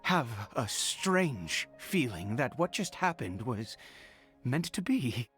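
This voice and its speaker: A woman voicing a formal, halting older father, reading his game dialogue aloud. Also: a bass voice, very animated, a bit bright, faint music behind, pitched below the performer's own voice, heavily acted. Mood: solemn. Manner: formal, halting old-fashioned speech. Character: grieving noble father, older man.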